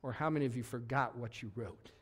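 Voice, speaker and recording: A man preaching a lively sermon as pastor in a church, acting out voices as he goes. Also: medium pitch, quick pace, slightly rough. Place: church sanctuary.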